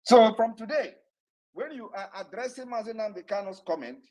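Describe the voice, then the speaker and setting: A man with a Nigerian accent giving an impassioned, defiant political address to followers online, repeating his points forcefully. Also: sits high, animated, normal speed, poor audio. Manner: fiery, defiant, repetitive.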